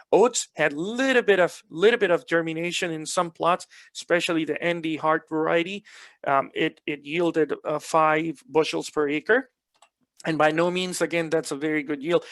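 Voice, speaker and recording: A man with a fairly high voice delivers a lecture, walking listeners through field results with patient explanation and repeated words for emphasis. The recording is dry and close, with no room sound. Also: a bit bright, no room sound. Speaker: soil health extension specialist. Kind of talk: presentation lecture.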